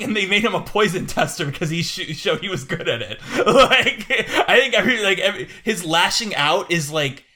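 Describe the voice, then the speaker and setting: A man co-hosting a podcast in casual film discussion, animated, quick, laughing often and restarting his sentences. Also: fairly high pitch. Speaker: podcast co-host.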